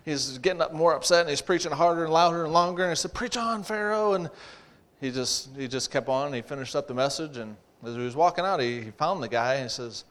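A man preaching a sermon, emphatic, repeating phrases and pushing his voice louder to drive points home. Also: fairly high pitch, fast talker.

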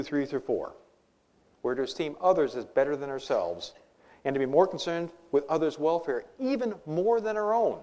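A male preacher delivering a sermon, his slightly high voice swinging widely up and down as he presses his points. He talks with emphatic conviction and drops in light humorous asides. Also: a little mellow.

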